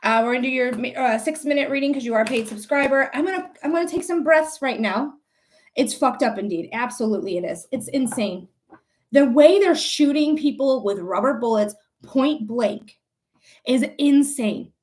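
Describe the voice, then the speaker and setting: A young woman livestreaming as a psychic reader rants angrily and profanely while answering her chat, calling viewers by name. Her voice sits high and sounds animated with a darkish tone, moving at a moderate pace over a little hiss or hum.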